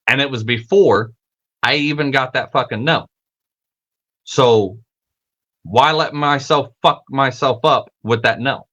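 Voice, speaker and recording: A man hosting his own podcast, talking in a casual, animated monologue. He swears freely, stumbles over repeated words and acts out the voices he quotes. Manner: acts out quoted voices with big pitch jumps. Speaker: podcast host.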